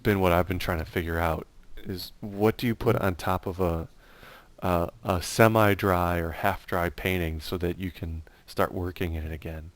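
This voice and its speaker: A man casually chatting about his painting as he works, relaxed and rambling with lots of fillers. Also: low-pitched, normal speed, no echo. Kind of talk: casual chat while painting.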